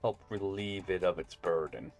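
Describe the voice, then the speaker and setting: A young man with a very low voice talks casually through a game stream, making chatty jokes to his viewers. Faint music plays underneath him. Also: moderate pace, a little mellow. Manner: chatty, joking asides to viewers. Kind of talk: casual gameplay commentary.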